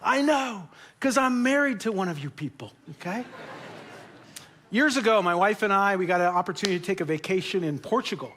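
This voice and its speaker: A man's voice: high voice, expressive, brisk, fairly bright tone, a little hiss or hum. A middle-aged man preaching a sermon in a church, telling stories with jokes and sometimes getting emotional. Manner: storytelling, jokey, turns emotional. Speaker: pastor. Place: church auditorium.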